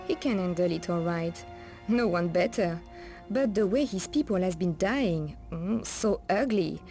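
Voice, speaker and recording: A woman's voice: fairly low pitch, expressive, unhurried, dark tone, soft background music. An actress playing a wary streetwise woman of the night streets, with a French accent and French endearments, guarded and cautioning.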